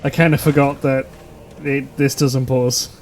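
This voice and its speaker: Male streamer: relaxed, chatty, mid-pitched. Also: unhurried, a little hiss or hum. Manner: chatty, laughing, offhand. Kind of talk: casual gameplay commentary.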